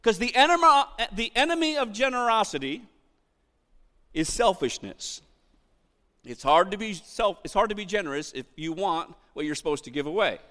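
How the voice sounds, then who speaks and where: A middle-aged man preaching a sermon, animated, acting out quotes and shouting for emphasis. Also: high-pitched, normal speed, in a large hall. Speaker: pastor.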